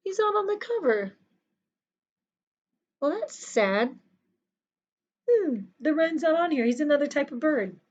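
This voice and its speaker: A woman teacher reads a picture book aloud to young children, chatting to them between pages. Her delivery is animated and sing-song, unhurried and slow, with a fairly high voice. The recording is dull and lo-fi.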